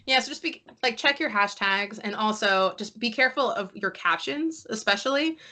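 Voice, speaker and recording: A woman with a bright, forceful tone talks casually as a podcast guest. She is feeling sick, and her voice is a little hoarse. She laughs easily and swears without a second thought. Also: mid-range voice, expressive, normal speed. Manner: chatty, swears freely, laughs often.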